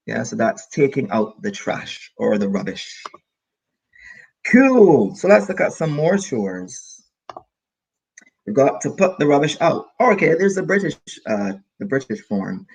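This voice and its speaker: Caribbean guy teaching english online, gravelly and a bit husky, upbeat, says phrases twice. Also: mid-range voice. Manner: lively, encouraging, repeats key phrases.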